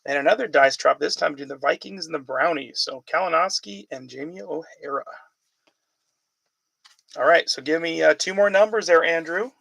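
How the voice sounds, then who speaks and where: Casual male card-break host, gravelly and a bit husky, rattling off player names between chatty asides. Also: fairly high pitch, normal speed, fairly bright tone, no echo, rough recording. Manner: chatty, calls out player names while reading questions from viewers.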